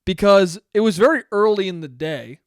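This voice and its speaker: Speaking at a moderate pace in a high voice, a twentysomething American podcast host runs a casual solo episode. The audio is studio quality without echo, and he wanders between topics, swears freely, and laughs at his own humor.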